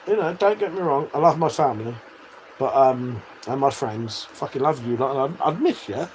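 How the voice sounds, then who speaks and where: A man's voice: medium pitch, animated, moderate pace, darkish tone, a little hiss or hum, rough recording. A man hosting a casual livestream, reading out viewer messages and chatting back in a sweary, matey way with frequent laughs. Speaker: livestream host.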